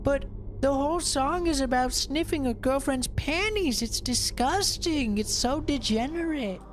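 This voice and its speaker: A prim, pearl-clutching older mother, as a man puts her on, speaking in a high, genteel tone that swoops with shock. She sounds prissy and scandalized, drawing her words out slowly. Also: expressive, noisy background.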